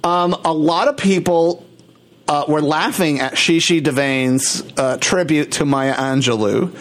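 Playful higher-voiced male host. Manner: playful, teasing, quick to laugh. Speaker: podcast host. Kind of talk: casual chat.

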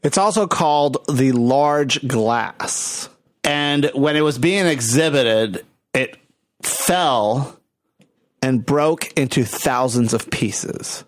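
A man hosting a podcast, speaking in a measured, deliberate, slightly professorial way as he offers reflective comments. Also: mid-range voice.

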